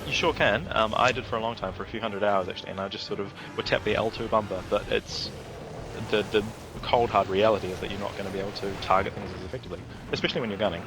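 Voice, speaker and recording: New Zealand guest, brisk and chatty, low register. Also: male voice, music in the background. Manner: chatty, explains at length, laughs easily. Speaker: podcast guest. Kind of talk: casual chat over gameplay.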